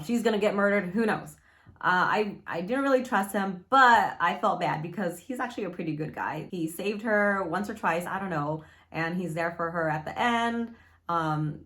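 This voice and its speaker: A young adult woman casually reviewing a book from her room at home, chatty and animated, easily spooked, with lots of fillers. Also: fairly low pitch.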